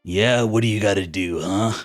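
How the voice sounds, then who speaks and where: A man voicing a huge, menacing male frost giant who speaks gruffly and threateningly. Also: on the low side, moderate pace, faint music behind, pitched below the performer's own voice, lightly acted.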